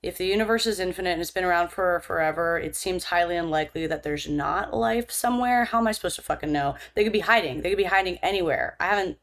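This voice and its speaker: A woman's voice: lowish voice, fast, few pauses, fairly bright tone. A young woman co-hosting a podcast, chatting casually in a wry, rambling, self-deprecating way with casual swearing. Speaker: podcast co-host. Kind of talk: casual chat.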